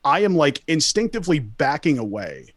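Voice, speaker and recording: A man's voice: on the high side, very animated, moderate pace. A young man telling a story casually to friends, rambling and profane, full of fillers and restarts. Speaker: storyteller guest.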